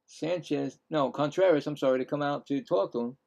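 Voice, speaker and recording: A man's voice: fairly high pitch, brisk, vocal fry, darkish tone, highs cut off. A middle-aged man giving casual live baseball play-by-play, rambling and correcting himself with chatty asides. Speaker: play-by-play streamer.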